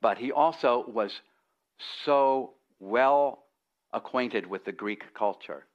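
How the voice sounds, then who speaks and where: A man's voice: medium pitch, slow, dull audio. A man preaching an expository sermon, with folksy asides and frequent restarts.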